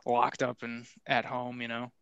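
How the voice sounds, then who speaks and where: A man's voice: mid-range voice, monotone, measured pace, fairly bright tone, smooth, no room sound, highs cut off. A young man co-hosting a podcast in casual chat, joking wryly and swearing casually. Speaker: podcast co-host.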